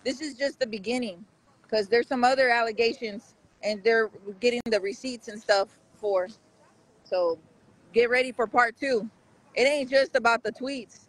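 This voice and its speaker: A man's voice: extremely high pitch, moderate pace, a bit bright, poor audio. A man hosting a casual live street-news stream outside a courthouse, rambling and talking straight to his viewers.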